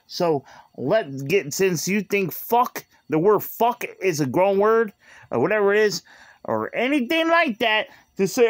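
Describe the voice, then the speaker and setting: A man's voice: sits high, big pitch swings, a little slow, no echo. A man in an aggrieved, repetitive rant, recorded on a phone. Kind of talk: angry rant to camera.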